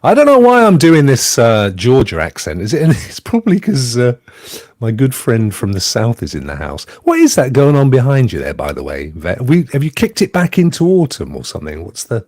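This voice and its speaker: Male host, chatty and jokey, bouncy high voice, dry close sound. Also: huge pitch swings, fairly quick, a little mellow, no room sound. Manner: jokey, chatty, thanks viewers by name. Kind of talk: casual livestream chat.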